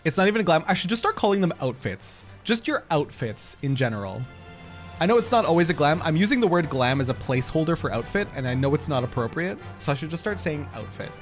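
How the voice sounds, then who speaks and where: A man with a fairly high voice chats casually while live-streaming a game. His pitch leaps around, he laughs often and swears freely. Faint game music plays behind him. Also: very animated, fast talker.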